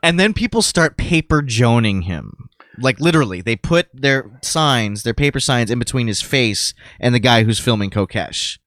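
Man, podcast co-host, casual chat, middle pitch, dry close recording. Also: moderate pace, no echo. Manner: animated retelling with acted quotes.

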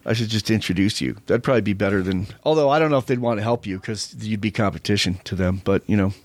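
A man's voice: lowish voice, fast, no room sound. Joking middle-aged man, dry close mic. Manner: joking, rambling, teasing. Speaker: podcast host. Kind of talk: casual chat. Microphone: studio mic.

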